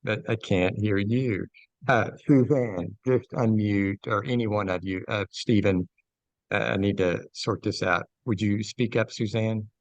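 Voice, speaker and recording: An older man with a gravelly voice on a video call, speaking slowly and fumbling with his audio settings. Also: lowish voice, fairly even intonation, no echo, dull audio. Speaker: class participant.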